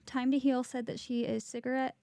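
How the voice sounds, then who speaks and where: A woman co-hosting a casual podcast chat, chatty and quick to laugh, reading viewer comments aloud. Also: high-pitched, flat delivery, warm tone, dry recording. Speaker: podcast co-host.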